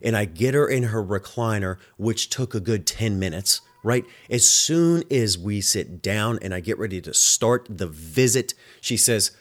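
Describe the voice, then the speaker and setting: A man's voice: fairly low pitch, measured pace, few pauses. A man hosting his own show, a home health nurse telling a work story in a casual, exasperated way, often swearing.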